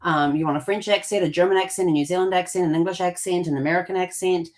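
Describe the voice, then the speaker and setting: Woman with a lowish voice, rambling chat. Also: fairly even intonation, fast talker, darkish tone. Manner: rambling, with many fillers and restarts. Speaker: co-host. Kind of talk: casual conversational explanation.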